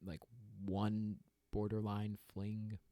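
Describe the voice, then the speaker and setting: A man's voice: on the low side, completely flat delivery, slow, warm tone, no room sound. A young adult man hosting his own podcast, talking candidly and with self-deprecating humor in a solo rant, often breaking into laughter. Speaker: podcast host.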